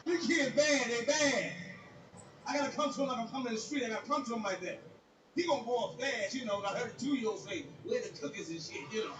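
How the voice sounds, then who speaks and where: A man doing stand-up comedy, telling stories in a loud, crude, animated rant before a live audience. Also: very high voice, quick pace, noisy background. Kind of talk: profane stand-up storytelling. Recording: echoey live recording from far off.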